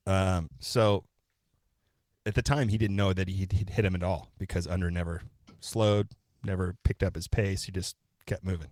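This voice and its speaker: A man's voice: low-pitched, normal speed, no room sound, clean studio sound. A man co-hosting a podcast, casually retelling a true-crime story step by step, now and then swearing. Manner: relaxed, profane, retells events step by step. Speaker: podcast co-host.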